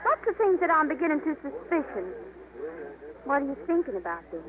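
An actress playing a jealous, teasing young woman, coy and sharp-tongued, in a 1950s radio drama. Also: high-pitched, big pitch swings, fairly quick, a crowd in the background, rough recording. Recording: hissy 1950s radio broadcast.

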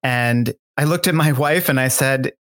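A man's voice: mid-range voice, normal speed, fairly bright tone. Chatty man rambling through his thoughts. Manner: rambling and thoughtful, many fillers and restarts. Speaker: guest. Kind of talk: casual interview talk.

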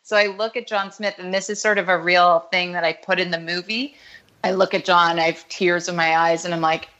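A woman with a fairly low voice tells a personal story as a podcast guest. She speaks frankly and rambles a little. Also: steady tone, a little fast, fairly bright tone, lo-fi sound. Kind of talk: candid storytelling.

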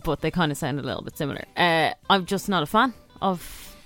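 A woman's voice: low voice, fairly quick, a bit bright, soft background music. A woman from Ireland co-hosting a radio show, chatting in a candid, easygoing way. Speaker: radio co-host. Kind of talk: casual chat.

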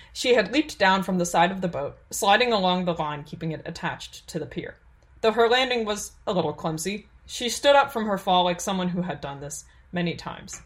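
A woman reads a fantasy audiobook in a steady, measured storytelling voice. Her voice sits fairly low for a woman, and she keeps an even, unhurried pace through the narration.

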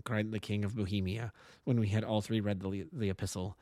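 A man, an amateur narrator, reading a classic story aloud with expressive storytelling. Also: fairly low pitch, fairly quick, dry recording, studio quality. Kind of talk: audiobook reading.

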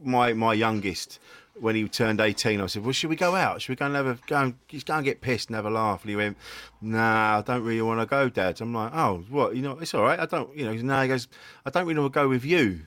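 A middle-aged man hosting a relaxed chat, laughing often and swearing casually. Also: medium pitch, fast talker. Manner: laid-back, laughs easily, swears casually. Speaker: podcast host.

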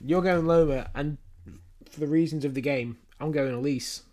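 A man's voice: fairly high pitch, normal speed, a little mellow. A man co-hosting a podcast, joking and rambling as he runs through fight picks in casual chat. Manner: jokey, rambling, laughs often. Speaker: podcast co-host.

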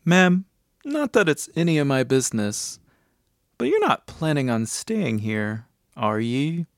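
Guy doing a slow drawly cabbie, spooky warnings, lively voice. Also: on the high side, no room sound, clean studio sound. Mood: wary. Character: gruff male English cab driver, wary.

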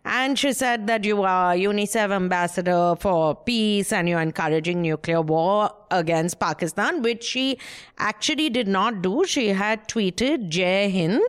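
Woman, podcast co-host, smooth clear voice, chatty, fillers. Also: mid-range voice, a little slow. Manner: chatty, laughs often, hesitant fillers. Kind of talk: casual chat.

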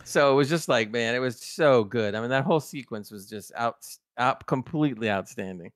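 A man co-hosting a podcast, chatting casually about a TV episode and retelling scenes with excited quoted reactions. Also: medium pitch, fairly quick, no room sound, clean studio sound. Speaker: podcast co-host. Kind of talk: casual TV review chat.

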